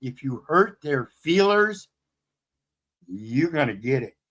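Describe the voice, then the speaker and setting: A man hosting commentary, preaching in a defiant way, swinging from loud outbursts to low asides. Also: big pitch swings, slow pace, slight background noise. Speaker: commentary host. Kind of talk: fired-up commentary.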